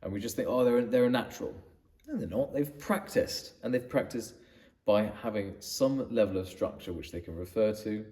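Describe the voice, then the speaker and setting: A man's voice: on the low side, normal speed, a little mellow. Man coaching from a distance. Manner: conversational, with frequent restarts and emphatic repetition. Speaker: business coach. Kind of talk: direct-to-camera advice video.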